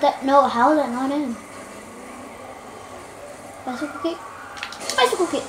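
A woman's voice: sits high, fairly even intonation, unhurried, roomy sound, noisy background. A young woman commenting on her own gameplay in a playful way, making silly rhymes and snapping at teammates when frustrated. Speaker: gamer. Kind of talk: let's-play commentary.

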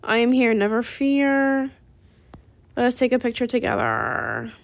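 Teen girl, gaming chat, rambling, tired, slightly high voice. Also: big pitch swings, brisk, vocal fry. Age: teens. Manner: chatty, lots of "like", sighing and tired. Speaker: gaming YouTuber. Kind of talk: casual gameplay chat.

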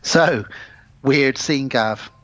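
A man recounts a film plot in casual podcast chat, telling it in a lively way. The recording is dull and dry, with a plain mid-pitched voice. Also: very slow, dry recording. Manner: animated storytelling. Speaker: podcast co-host.

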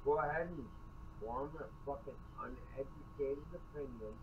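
A man's voice: medium pitch, normal speed, lo-fi sound. A man on a video chat, challenging and confrontational. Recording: distant, noisy video-call audio.

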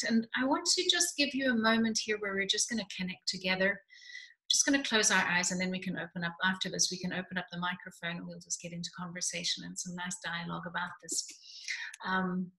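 A woman communication coach leading a slow, soothing guided body-awareness exercise in an online session. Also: on the low side, fairly even intonation, bright, forceful tone. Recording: echoey room.

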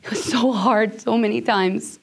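A woman's voice: on the high side, fairly even intonation, a little slow, a little hiss or hum. A woman giving a personal storytelling talk, emotional, sometimes dropping to a near whisper. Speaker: speaker.

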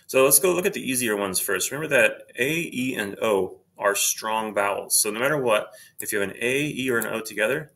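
A man with a lowish, bright voice walks through a screen-recorded grammar lesson. He explains in a steady, patient way and says each example word twice, slowly and clearly. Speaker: Spanish teacher.

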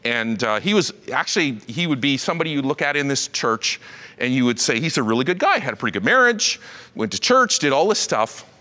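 Animated male pastor in a reverberant hall. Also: fairly quick. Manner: animated preaching with shifting pitch and conversational asides. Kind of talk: sermon. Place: church auditorium.

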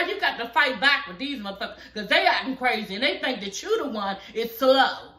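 At home at night, a woman in her thirties who hosts her own reality TV review channel rants about a reality show. Her high-pitched voice is expressive, brisk, pushed and bright with few pauses, and the sound is reverberant. She's sassy, profane and fired up.

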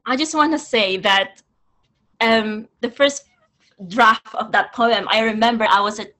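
A young woman reading her poetry aloud in a measured, deliberate way, then talking about her poems. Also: a little high, fairly bright tone. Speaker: poet reading her work. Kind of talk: poetry reading with spoken asides.

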